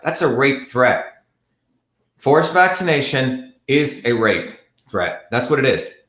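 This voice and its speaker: A man's voice: medium pitch, very animated, slow, a bit bright. A man hosting a live online show, talking bluntly and combatively in heated, repetitive commentary. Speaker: livestream host. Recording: echoey room.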